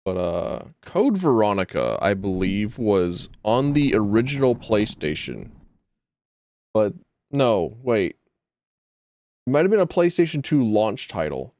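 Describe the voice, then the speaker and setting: A man's voice: lowish voice, big pitch swings, measured pace, darkish tone, no echo, studio quality. A man streaming a video game, chatting casually and rambling with jokey, self-deprecating asides. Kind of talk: casual gaming stream chat.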